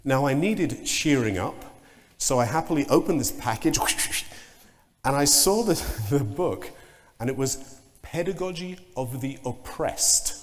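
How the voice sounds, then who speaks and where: A man giving a conference keynote talk, telling anecdotes in an animated way and mimicking sounds and voices. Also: medium pitch, a little slow, a little hiss or hum. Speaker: keynote speaker. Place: large conference hall. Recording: long reverb of a conference hall.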